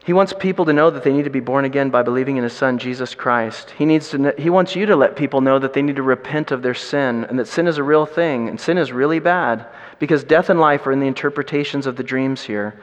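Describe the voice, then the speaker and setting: A man preaching a sermon to a congregation, telling stories with big swings in his voice. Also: quick pace. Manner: animated storytelling with big pitch swings. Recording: reverberant hall.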